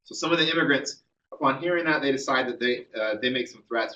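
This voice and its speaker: A man's voice: medium pitch, quick pace, bright, forceful tone, recorded from a distance, dull audio. A man giving a classroom history lecture, telling the story conversationally with many ums and uhs.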